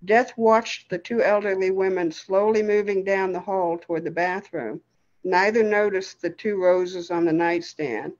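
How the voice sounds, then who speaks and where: A woman storyteller reading a story aloud in a steady, expressive way. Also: mid-range voice, a little slow, muffled recording.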